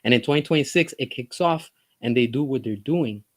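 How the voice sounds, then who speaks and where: A man delivers an opinionated vlog commentary, hammering home his points with emphasis. He keeps firing off rhetorical questions. His voice sits at a middling pitch for a man. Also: fairly quick. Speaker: film commentary vlogger.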